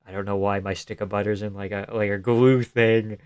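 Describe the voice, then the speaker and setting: A man hosts a casual live stream chat, reading viewer messages aloud and answering in a loose, joking way that sometimes sinks to a near-whisper. His voice is lowish, level, and smooth, and he speaks briskly.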